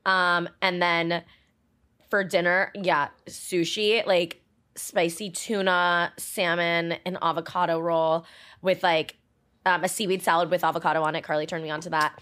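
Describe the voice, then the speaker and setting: A woman's voice: lowish voice, little pitch movement, unhurried, fairly bright tone, clean tone. A young woman co-hosting a podcast in casual chat, rambling with lots of fillers and the odd swear word. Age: young adult. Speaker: podcast co-host.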